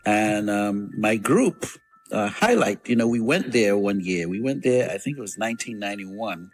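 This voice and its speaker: A man's voice: on the low side, animated, moderate pace. A man hosting a radio show, chatting casually and rambling through memories with lots of fillers and restarts. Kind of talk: casual storytelling chat.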